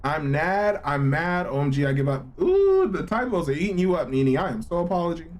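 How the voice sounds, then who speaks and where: A man streaming a game live, reacting with loud, profane exclamations and joking with his chat in slang. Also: a little high, sing-song, fairly quick. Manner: slangy, playful banter with chat. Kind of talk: live gameplay reaction commentary.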